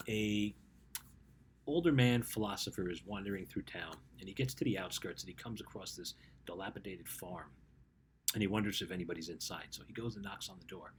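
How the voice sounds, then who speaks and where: A man with a fairly low voice gives a motivational talk in the easy manner of a coach speaking to teenagers. He tells a story, then turns to direct, conversational advice, often checking in with a quick "right?" A faint background sound sits under his voice. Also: a little hiss or hum. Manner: conversational, keeps asking "right?". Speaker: life coach for teens.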